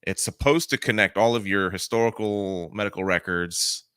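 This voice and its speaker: A man with a very deep voice co-hosts a casual podcast and tells stories with profane, ranting frustration. His tone is bright and smooth, and the sound is close and dry. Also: steady tone, moderate pace, no echo. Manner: profane storytelling with ranting asides. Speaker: podcast co-host. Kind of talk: casual chat.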